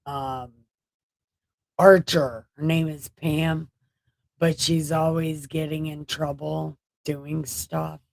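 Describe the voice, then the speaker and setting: A woman's voice: low-pitched, dark tone, no room sound. A tired woman hosting a late-night livestream, rambling and joking as she chats with her viewers. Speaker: livestream host.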